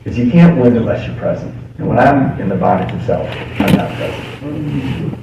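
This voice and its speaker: Animated man telling his recovery story. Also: medium pitch. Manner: animated storyteller, laughs often, confiding. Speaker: AA speaker. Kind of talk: recovery story told from a podium. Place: meeting hall. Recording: echoey hall, distant mic, background noise.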